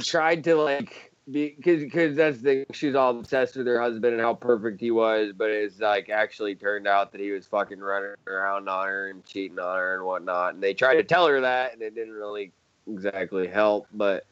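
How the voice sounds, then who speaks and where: A man's voice: on the low side, steady tone, moderate pace, a bit bright, smooth, lo-fi sound. A man co-hosting a podcast, chatting casually, rambling with lots of swearing and frequent laughter. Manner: rambling, profane, laughs often. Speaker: podcast co-host. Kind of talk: casual chat.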